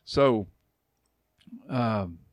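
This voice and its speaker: A man around sixty, a youth pastor, tells a long story in a relaxed podcast chat, acting out quoted voices and laughing often. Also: lowish voice, very slow, no room sound. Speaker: youth pastor and church elder.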